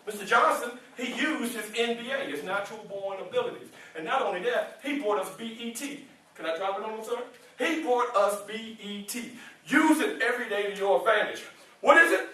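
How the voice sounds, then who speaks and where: A man giving a lively motivational speech to students. He teases them playfully, asks them questions and waits for their answers. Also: high-pitched, a little fast. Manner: playful, teasing, asks the audience questions and laughs often. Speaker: motivational speaker. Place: indoor room with a student audience. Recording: very echoey room, mic far off.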